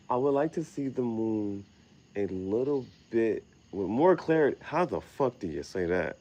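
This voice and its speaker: A man's voice: mid-range voice, sing-song, a little slow, creaky, mellow. A young man rambling casually outdoors at night, slangy and meandering, laughing at his own words. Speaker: vlogger. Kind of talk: rambling late-night monologue.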